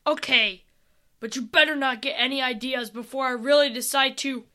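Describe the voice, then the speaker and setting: A woman voicing a bold, hot-tempered young hero with dark powers, blunt and impatient. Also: high-pitched, fairly even intonation, normal speed. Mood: irritated.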